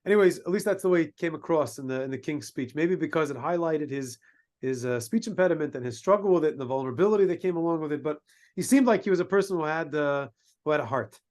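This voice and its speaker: A man, a rabbi, telling a story in a sermon, halting with many restarts and using Hebrew and Yiddish terms. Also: a little high, darkish tone. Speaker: rabbi giving a talk.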